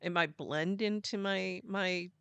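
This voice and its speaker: A middle-aged American woman chatting on a podcast, her fairly low voice carrying a gravelly edge. She rambles easily through fillers and restarts. The sound is dry and close. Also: takes it slowly, fairly bright tone, no echo. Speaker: podcast co-host, mother. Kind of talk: casual chat.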